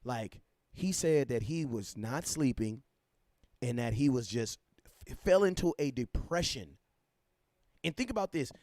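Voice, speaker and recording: A man hosting a casual sports livestream, talking animatedly, repeating himself and giving shout-outs to viewers. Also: mid-range voice, lively intonation, unhurried, long pauses, dry recording, clean studio sound. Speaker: livestream host.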